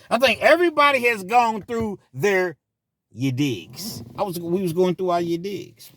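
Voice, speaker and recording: A man's voice: fairly high pitch, very animated, fairly quick, a bit bright. Slangy man telling a story. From Kentucky, US. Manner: casual, slangy, conversational storytelling. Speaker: vlog host. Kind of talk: personal storytelling to camera.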